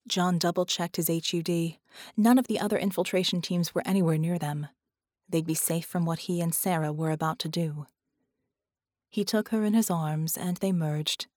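Low-voiced woman reading an audiobook. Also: darkish tone, dry recording, studio quality. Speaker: audiobook reader. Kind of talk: audiobook narration.

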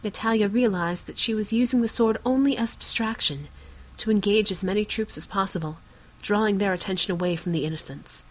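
A woman reading an action novel aloud in measured, dramatic scripted narration. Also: mid-range voice, poor audio. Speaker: audiobook narrator.

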